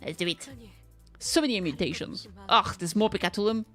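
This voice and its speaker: A woman streamer chatting playfully over gameplay, making silly noises and swearing in excited bursts. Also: mid-range voice, brisk, soft background music. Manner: playful, silly mouth noises and sing-song bits; swears freely in excited outbursts. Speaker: streamer playing a game. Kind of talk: casual gameplay commentary.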